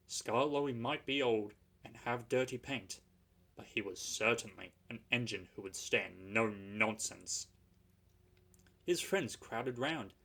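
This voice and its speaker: A man reading a children's story aloud in a measured, expressive way. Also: mid-range voice.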